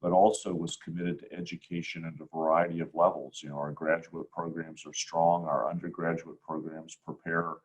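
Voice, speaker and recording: A man in his sixties from Ohio, answering interview questions in a measured, reflective way with frequent pauses and fillers, speaking over a video call. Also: low-pitched, flat delivery, breathy edge, highs cut off. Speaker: university provost, guest.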